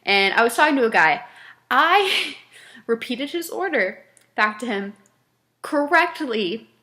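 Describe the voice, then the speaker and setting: A woman vlogger telling stories from her fast food job in a casual, animated way, laughing often and acting out her customers. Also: on the high side. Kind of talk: casual storytelling to camera.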